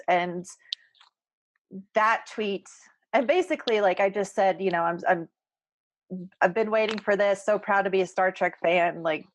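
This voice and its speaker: A woman's voice: medium pitch, low-quality recording. A woman co-hosting a podcast roundtable, speaking earnestly and close to tears, often repeating words. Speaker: podcast co-host. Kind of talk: emotional roundtable chat.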